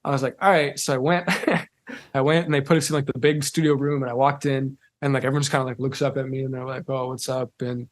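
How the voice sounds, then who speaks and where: A young man from Ohio, a recording engineer telling an animated story as a podcast guest, filling his talk with "like". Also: medium pitch, fast. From Cleveland, Ohio, USA. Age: young adult. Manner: animated, acts out quoted voices, fills with "like". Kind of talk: casual storytelling.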